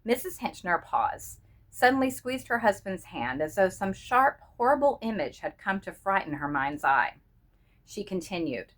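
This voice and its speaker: A woman reading a short story aloud in a measured, expressive narrating manner. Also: mid-range voice. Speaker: reader.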